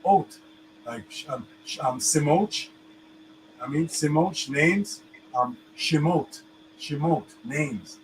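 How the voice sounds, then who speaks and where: A man's voice: fairly high pitch, takes it slowly, rough recording. Man, casual teacher, rambling, keeps checking listeners follow, faint background noise. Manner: rambling, repeats "you understand me?". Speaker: host teaching Hebrew letters.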